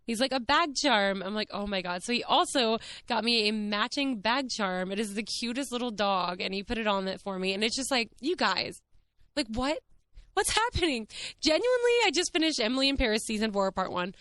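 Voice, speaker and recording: A young woman with a light drawl tells a story to her listeners as a podcast host. She talks in an excited, breathless way, full of "like" and amazed asides. Her voice is smooth and clear. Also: mid-range voice, fairly quick, no room sound. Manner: gushing, excited, peppered with "like" and "what is happening". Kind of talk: casual storytelling monologue.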